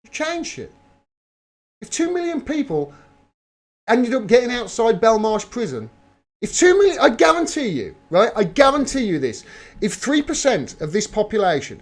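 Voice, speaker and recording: A man hosting a live stream, talking through political news and answering viewer messages in an emphatic, heated way, swearing freely. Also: high voice. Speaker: livestream host. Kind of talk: live political commentary reading viewer chat.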